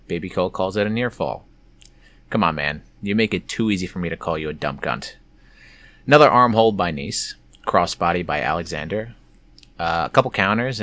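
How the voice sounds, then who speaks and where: A man's voice: low voice, a bit bright. A man hosting a casual play-by-play recap of a wrestling show, slipping in wry, sarcastic asides.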